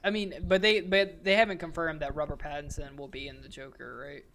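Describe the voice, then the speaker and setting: High-voiced man chuckling mid-sentence. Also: level tone, fairly quick, fairly bright tone. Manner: joking, chuckles through his sentences. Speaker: podcast co-host. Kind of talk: casual chat.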